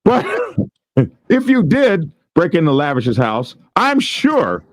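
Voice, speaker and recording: A man's voice: on the high side, big pitch swings, slow pace, darkish tone, no room sound. A male show host, reading news stories aloud and riffing on them with frequent laughter. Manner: laughs often, reads news aloud and riffs on it. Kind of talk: casual news commentary.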